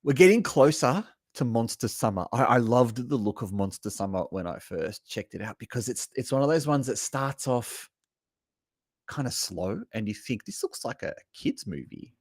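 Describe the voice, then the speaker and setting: A man's voice: mid-range voice, moderate pace, no room sound, clean studio sound. A man from Australia, hosting a casual live stream and chatting to viewers about trailers. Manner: chatty, talks to chat viewers, lively asides. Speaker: livestream host reacting to trailers. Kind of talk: casual live reaction chat.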